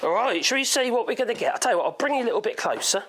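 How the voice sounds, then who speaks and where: Racing along with lively intonation, this man has a very high, slightly bright voice and a Norfolk accent. He's from Norfolk, England, and gives a rambling, chatty woodworking demo in his workshop while thinking out loud.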